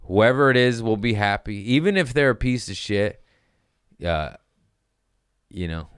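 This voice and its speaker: A man's voice: lowish voice, unhurried, smooth, dry recording, clean studio sound. A man hosting a comedy podcast, ranting profanely and acting out voices in a casual comedic style. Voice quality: profane, animated, acts out voices.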